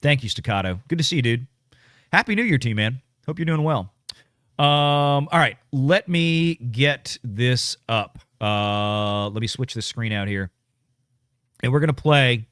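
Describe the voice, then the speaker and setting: A man's voice: mid-range voice, expressive, unhurried, a bit bright, dry recording, clean studio sound. A man hosts a casual political commentary livestream, blunt and ranting as he reads viewer comments. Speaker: show host reading super chats.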